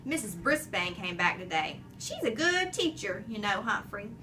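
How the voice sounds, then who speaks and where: A woman voicing a jolly mustached male night janitor who booms, jokes and roars with laughter. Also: big pitch swings, moderate pace, far from the mic, lightly acted. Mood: booming jokey. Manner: booming, jokey, big roaring laugh.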